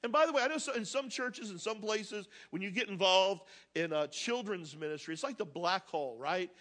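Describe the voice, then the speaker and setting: A male pastor giving a sermon to his congregation, energetic and joking, talking straight to the people in the pews. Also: sits high, fairly quick. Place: church sanctuary with congregation.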